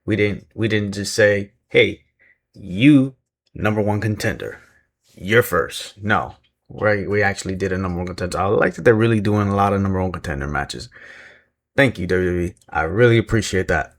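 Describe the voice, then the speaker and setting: A man with a low voice, talking a little fast, casually recaps a wrestling show. He rambles with lots of fillers, chuckling and cracking jokes at his own expense.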